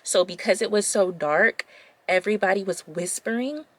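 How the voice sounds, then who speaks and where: A woman's voice: medium pitch, normal speed, no echo. Chatty woman telling a story. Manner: chatty, animated, talks straight to the viewers. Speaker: vlogger telling a dating story. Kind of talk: casual storytime chat.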